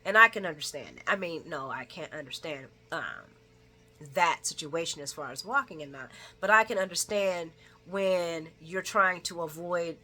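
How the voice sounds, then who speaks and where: Bright-voiced chatty woman recapping. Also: normal speed. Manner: chatty, laughs often, acts out characters' lines in a higher voice. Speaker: soap opera recap vlogger. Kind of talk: casual chat recap.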